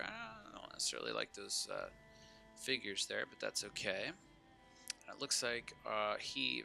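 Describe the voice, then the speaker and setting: Over a noisy background, a man with a lowish, creaky voice gives casual live commentary as he plays a strategy game, chatting with viewers and talking back to the characters on screen.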